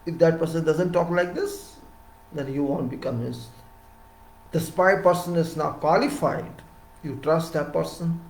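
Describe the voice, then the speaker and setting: A man with an Indian English accent giving a lecture-style talk on civil engineering, emphatic and repeating words, his voice rising loud and dropping soft. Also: fairly high pitch, measured pace, gravelly, echoey room, poor audio.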